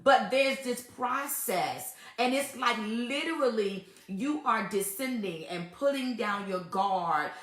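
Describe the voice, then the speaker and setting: A woman's voice: a little high, animated, slow pace, few pauses, fairly bright tone, roomy sound. A woman hosting a casual faith-based talk on relationships, emphatic and repetitive, often laughing as she makes her points. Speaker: host giving relationship advice.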